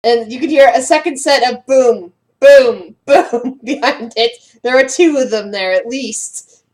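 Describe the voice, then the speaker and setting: A high-voiced woman narrating a tabletop game as game master. She trips over her words, restarting phrases, and giggles between them. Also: normal speed, darkish tone.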